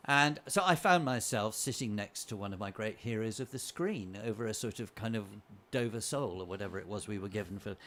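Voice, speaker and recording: A man, a guest playwright, telling anecdotes on a chat show with animated delivery and frequent chuckles. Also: on the low side, brisk, few pauses. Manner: animated storyteller, chuckling often.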